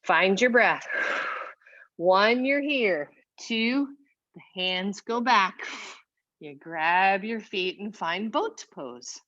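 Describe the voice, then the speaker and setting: A woman teaching a yoga class, cueing poses calmly while moving and a little out of breath. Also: mid-range voice, highs cut off. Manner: slow, calm cueing with breathy whoops of effort. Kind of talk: guided yoga class instruction.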